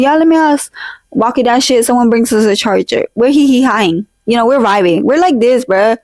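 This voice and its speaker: A woman's voice: fairly high pitch, a little mellow, no room sound. A young woman hosting a casual vlog, telling a story in a chatty, slangy way and dropping in Spanish phrases, recorded on a poor home mic she sometimes drifts away from. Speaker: podcast vlog host. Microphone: handheld or desk mic, drifts off it.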